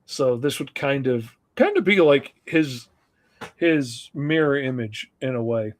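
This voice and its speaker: A man's voice: mid-range voice, expressive, measured pace. A man co-hosting a casual live stream, talking enthusiastically and rambling with many fillers. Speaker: co-host.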